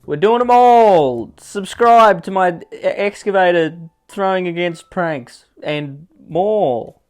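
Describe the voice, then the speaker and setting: A man putting on a loud, hot-headed young prankster, yelling and over the top. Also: high voice, slow, voice pushed up. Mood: hyped.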